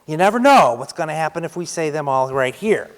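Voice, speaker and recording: Pastor with a lively, ringing voice in a church. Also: male voice, a little high, fairly quick. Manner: conversational, with lively shifts of emphasis. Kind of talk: sermon. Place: church sanctuary. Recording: reverberant church hall.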